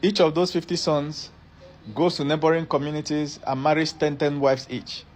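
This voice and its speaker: A man's voice: a little high, flat delivery, normal speed. A middle-aged man, explaining a topic step by step and often repeating or rephrasing his phrases for emphasis. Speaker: educator. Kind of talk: explanatory lecture.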